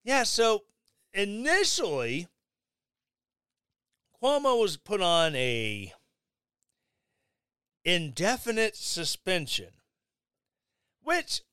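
A man giving sarcastic, mocking commentary on the news, with animated asides. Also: high-pitched, very slow, pauses often, clear, resonant tone, no echo. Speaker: commentary vlogger.

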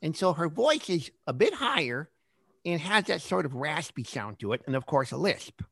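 Man putting on a cartoon duck girl, high and raspy, lisping, lively pitch, husky edge, dry close sound. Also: moderate pace, dry recording, heavily acted. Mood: demonstrating. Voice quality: raspy with a lisp.

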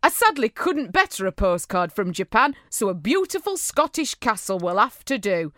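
A woman's voice: medium pitch, sing-song, moderate pace, no room sound, studio quality. A woman from England co-hosting a podcast, chatting casually and teasing while she goes through listener mail. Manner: chatty, warm-hearted teasing. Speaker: podcast co-host.

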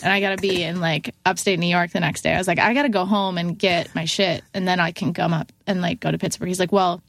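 A woman's voice: on the low side, fast talker, vocal fry, no room sound. A young woman, a musician guest on a podcast, telling a story casually and acting out what people said in a raised voice. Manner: animated, acts out quotes in a raised voice, many fillers of "like".

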